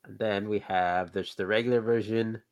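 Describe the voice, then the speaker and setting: A man hosting a podcast, chatting in a relaxed, rambling way about toy figures and trailing off with fillers. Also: lowish voice, normal speed, highs cut off. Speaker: podcast host. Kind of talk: casual chat about toys.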